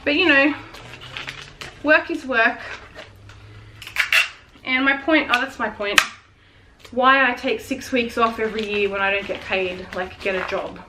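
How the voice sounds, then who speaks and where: Wrapping gifts at home, this late-twenties pregnant vlogger talks frankly and chattily, a little out of breath, with frequent swearing and laughter. Her fairly high voice moves at a measured pace with long pauses, over a noisy background.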